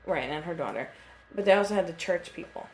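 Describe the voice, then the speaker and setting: A woman's voice: on the low side, expressive, fast talker, darkish tone, slight background noise. A woman in her twenties co-hosting a casual podcast chat, telling a story in a chatty way and swearing freely. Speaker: podcast co-host. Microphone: computer mic.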